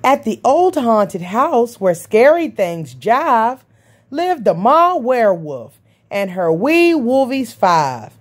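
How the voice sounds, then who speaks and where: A woman's voice: big pitch swings, slow pace, breathy edge. A woman reading a rhyming picture book aloud in a sing-song rhythm. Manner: sing-song rhythm, jumping high for the creature calls. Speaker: storybook reader.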